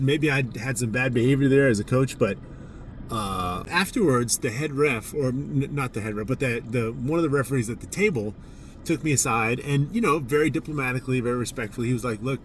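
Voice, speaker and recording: A man's voice: mid-range voice, distant mic, slight background noise. A man, a judo coach, casually telling a story from a tournament in a candid, self-mocking way. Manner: candid, self-mocking, animated when recounting his outbursts.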